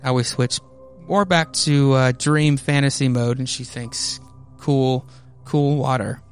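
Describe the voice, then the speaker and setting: A man's voice: medium pitch, unhurried, smooth, soft background music. A man hosting a podcast, casually recapping a comic with rambling asides and many fillers. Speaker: podcast host.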